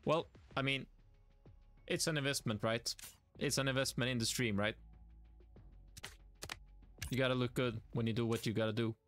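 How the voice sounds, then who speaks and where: A man's voice: medium pitch, steady tone, normal speed, long pauses, a bit bright, soft background music. A young man from Sweden with a Swedish accent, streaming a game live and talking to himself and his chat in an exasperated, self-mocking way. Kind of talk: live gaming stream commentary.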